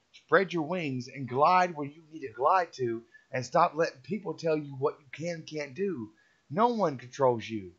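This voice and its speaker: A man's voice: fairly high pitch, fairly bright tone, breathy edge. Middle-aged guy, motivational rant, repetitive and preachy, muffled lo-fi recording. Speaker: vlogger giving a motivational talk. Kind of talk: rambling motivational monologue. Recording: dull lo-fi sound.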